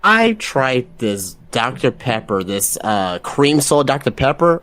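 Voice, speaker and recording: A man's voice: medium pitch, sing-song, a little slow, fairly bright tone. A man guesting on a podcast, speaking hesitantly with stammering restarts. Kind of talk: casual podcast chat.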